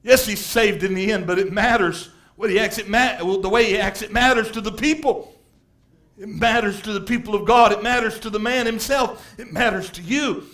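A man with a very high voice preaches a fervent sermon. He drops to hushed asides, then rises to shouted emphasis, and he hammers points home by repeating phrases. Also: normal speed. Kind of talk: impassioned sermon.

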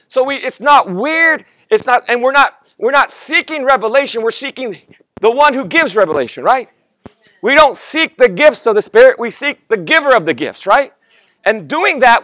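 A man's voice: very high voice, fairly bright tone, dry recording. A man in his fifties, a guest pastor, preaching a sermon and telling a personal story with acted-out quotes, stumbling and restarting often.

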